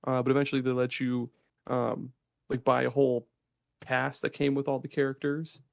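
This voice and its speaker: A man co-hosting a podcast in casual chat, excited and swearing freely as he rambles. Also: mid-range voice, normal speed, creaky, no room sound, studio quality. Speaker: podcast co-host.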